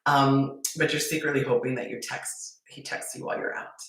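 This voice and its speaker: A woman hosting a live-stream dating talk, playful and animated, acting out little scenes as she coaches. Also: very deep voice, recorded from a distance. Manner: playful, acts out scenarios in quick character voices and whispers. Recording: echoey room, voice heard from off the mic.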